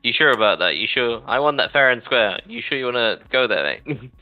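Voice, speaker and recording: A man's voice: medium pitch, animated, brisk, dry recording, highs cut off, soft background music, lightly acted. A man voicing a cocky young fighter full of false confidence, taunting with teenage-rebel swagger.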